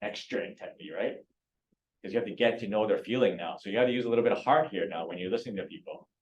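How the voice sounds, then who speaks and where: A man's voice: on the low side, rapid-fire, lo-fi sound, slight background noise. A man leading a real estate training class, quizzing students and coaxing answers. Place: training room.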